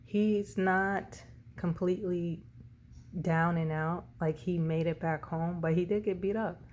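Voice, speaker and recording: A woman's voice: on the low side, fairly even intonation, measured pace, a little mellow, a little hiss or hum. A woman doing a casual tarot reading, rambling and often correcting herself. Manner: rambling, self-correcting, tongue-tied. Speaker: tarot reader.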